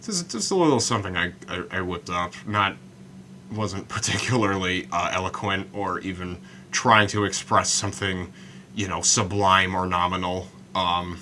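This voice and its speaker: A man hosting a solo podcast about writing poetry, talking in a halting way with many stammered restarts and slowing down to recite his lines. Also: deep voice, pushed and bright, slight background noise. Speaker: podcast host.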